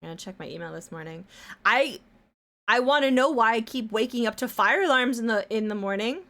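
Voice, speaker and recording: A woman's voice: a little high, animated, brisk, fairly bright tone. A woman live-streaming her art, chatting casually and rambling, with some casual swearing and humming to herself as she draws. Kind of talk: casual chat while drawing on stream.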